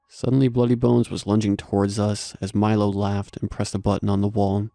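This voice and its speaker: A man narrating a horror story in a steady scripted delivery. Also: lowish voice, a little fast, vocal fry, few pauses, dry recording, studio quality, faint music behind.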